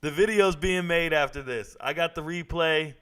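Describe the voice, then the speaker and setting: A man casually commenting live on a fight broadcast, reacting excitedly and talking to his chat. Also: on the high side, normal speed, clear, resonant tone.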